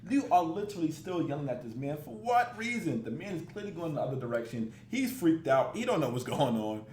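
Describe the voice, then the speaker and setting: A man's voice: fairly high pitch, very animated, fairly quick, darkish tone, reverberant, slight background noise. A man hosting a reaction video, giving casual, mocking commentary and swearing freely.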